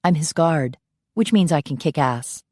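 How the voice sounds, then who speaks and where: A woman voicing a feisty young heroine who talks in a brisk, sarcastic way. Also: deep voice, a little mellow, no echo, studio quality.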